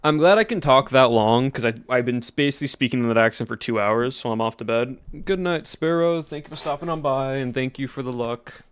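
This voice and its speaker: A man's voice: mid-range voice, a little fast, few pauses, smooth, dry recording. A young man streaming a game, chatting casually and rambling to his chat. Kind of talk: casual livestream chat while gaming.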